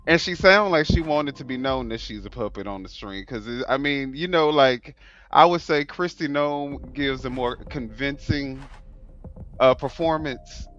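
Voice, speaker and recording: A man's voice: mid-range voice, unhurried, a bit bright. Man, livestream host, casual, blunt, filler words, lo-fi audio, faint music. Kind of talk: casual political chat.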